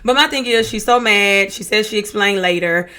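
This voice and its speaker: A woman's voice: medium pitch, normal speed, pushed and bright. Young woman, reaction vlogger, casual chatty commentary, sassy asides, reads texts aloud. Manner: chatty, sassy asides with terms like baby and honey; reads text messages aloud and comments on them. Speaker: true-crime reaction vlogger.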